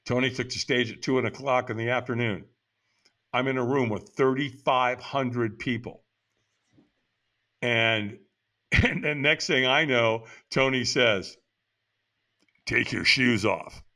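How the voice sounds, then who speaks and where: A man's voice: medium pitch, a little slow, long pauses. An older man from the United States, a podcast guest, telling a personal story in conversation and acting out the dialogue as he goes. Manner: animated, acts out quoted dialogue in the story.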